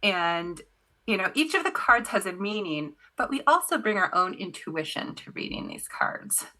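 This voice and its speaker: A woman guest in a casual interview, talking about tarot reading in an animated storytelling way, full of "you know" fillers. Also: mid-range voice, normal speed.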